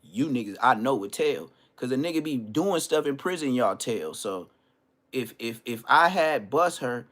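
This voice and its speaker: A man telling stories as a podcast guest, in slangy, animated casual talk full of restarts. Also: mid-range voice, moderate pace. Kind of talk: casual storytelling.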